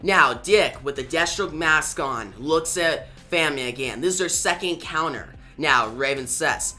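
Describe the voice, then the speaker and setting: A man's voice: a little high, a little slow, pushed and bright, faint music behind. A man retelling a comic book issue in a loose, casual way, starting most lines with "now". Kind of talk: casual comic recap narration.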